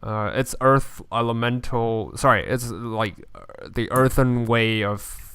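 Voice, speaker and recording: A man's voice: medium pitch, steady tone, measured pace, fairly bright tone, smooth. A man playing a tabletop game, chatting hesitantly with frequent laughs. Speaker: player.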